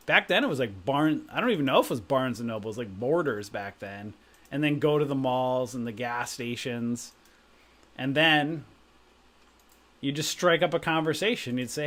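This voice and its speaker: A man's voice: medium pitch, animated, measured pace, long pauses, a bit bright. A middle-aged man hosting a live stream, telling rambling anecdotes in casual chat and often asking "right?". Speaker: stock trading stream host.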